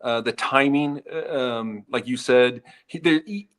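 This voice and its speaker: A man's voice: mid-range voice, unhurried, fairly bright tone. A man speaking as a guest in a live Q&A, earnest and prone to stammering restarts. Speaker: guest, retired FBI agent. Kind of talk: live Q&A discussion.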